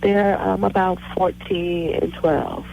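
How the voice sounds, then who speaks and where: A woman's voice: fairly low pitch, fairly even intonation, takes it slowly, creaky, darkish tone. A woman in her thirties calling into a radio show, rambling and hesitant, circling back with fillers. Her cell phone line sounds dull and muffled, with a light hiss behind it. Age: 30s. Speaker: caller.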